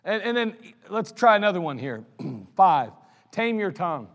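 Blunt high-voiced preacher man. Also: very animated, moderate pace, creaky, a bit bright. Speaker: pastor. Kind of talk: sermon. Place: church sanctuary. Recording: long hall reverb of a church sanctuary.

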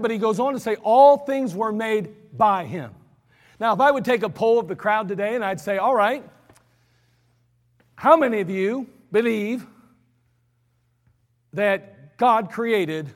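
High-voiced preacher man in a big hall. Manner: emphatic, repetitive, slows for stress. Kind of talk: sermon.

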